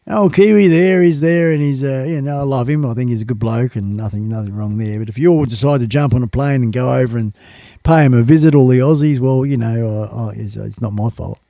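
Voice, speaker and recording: A man's voice: medium pitch, fairly quick, vocal fry, dark tone, dry recording, clean studio sound. An English man hosting a live stream, chatting casually and rambling with jokes and many fillers. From England. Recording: music playing behind.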